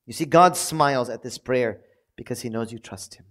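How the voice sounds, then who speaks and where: A priest preaching a sermon, telling stories and acting out pleading prayers with lively emphasis. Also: male voice, quick pace. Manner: animated storytelling, acts out prayers with rising pitch.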